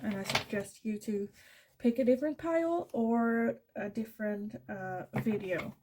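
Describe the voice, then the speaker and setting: A woman's voice: a little high, measured pace, noisy background. Dutch-accented woman, tarot reading. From Netherlands. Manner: thinking aloud, self-correcting, soft fillers. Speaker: tarot reader. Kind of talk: pick-a-card tarot reading.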